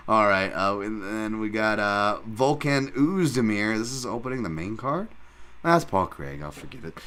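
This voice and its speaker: A man hosting a solo podcast who talks in rambling, profane, animated rants. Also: fairly low pitch. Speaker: podcast host and fight analyst.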